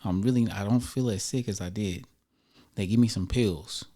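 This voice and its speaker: A man with a very low, mellow voice recounts a personal story for his vlog. He talks in a loose, slangy, conversational way. The delivery is laid-back storytime. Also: moderate pace. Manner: relaxed, conversational, slangy retelling. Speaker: vlogger telling a personal story. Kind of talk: casual storytime.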